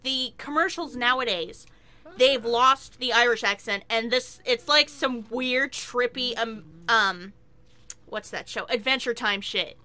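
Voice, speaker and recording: A woman chatting casually while playing a video game, excitable and quick to swear and laugh. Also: fairly high pitch. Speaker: game streamer. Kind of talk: casual gameplay commentary.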